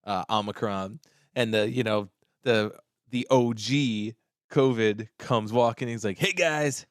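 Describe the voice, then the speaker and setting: A man's voice: fairly low pitch, a little slow, clean tone, dry recording, studio quality. A man co-hosting a podcast in casual chat, telling stories animatedly and laughing often. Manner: animated storyteller, acts out bits with laughter. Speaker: podcast co-host.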